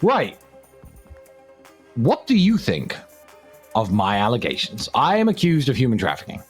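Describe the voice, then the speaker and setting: Male host from England, animated storyteller with a wide-ranging voice, faint music bed. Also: mid-range voice, unhurried, slightly rough. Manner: animated storyteller, acts out quotes. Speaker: podcast host. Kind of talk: casual storytelling chat.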